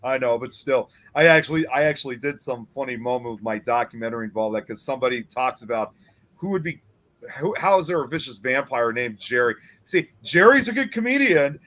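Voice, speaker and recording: A man hosts a casual podcast about movies, talking in a chatty way and laughing through his points. His voice sits at an ordinary pitch for a man. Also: fairly quick, a bit bright, no room sound, poor audio. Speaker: podcast host. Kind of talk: casual chat about a film.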